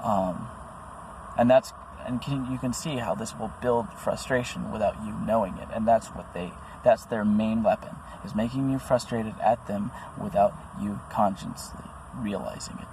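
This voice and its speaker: A man's voice: on the low side, normal speed, background noise. A man speaking about his own experiences in an earnest, rambling monologue, full of restarts and fillers. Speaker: vlogger. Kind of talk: personal monologue to camera.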